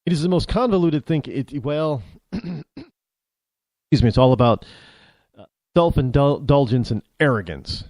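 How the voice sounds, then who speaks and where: An American man hosting a talk show, delivering a rambling opinion monologue full of halting restarts. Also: medium pitch, lively intonation, darkish tone, no room sound, clean studio sound. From United States.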